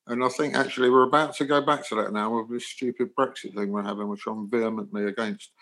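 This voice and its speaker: Older English musician guest, chatty storyteller with animated delivery. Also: male voice, medium pitch, fast, poor audio. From England. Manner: animated anecdotes, acts out dialogue. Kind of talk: storytelling interview.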